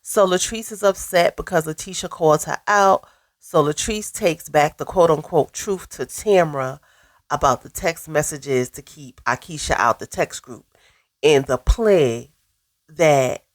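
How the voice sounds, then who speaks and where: A woman gives a casual, opinionated recap of a reality show, sounding stuffy from a cold. Her voice sits on the low side and her delivery is blunt and sassy, full of pointed asides. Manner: sassy, blunt commentary with "okay?" tags. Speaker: recap vlogger.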